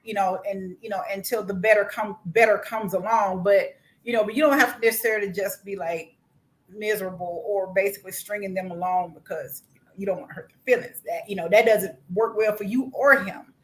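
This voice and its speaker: A woman's voice: mid-range voice, a little fast, rough recording. A woman from Mississippi, chatting easily as a podcast guest, using many fillers. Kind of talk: casual chat.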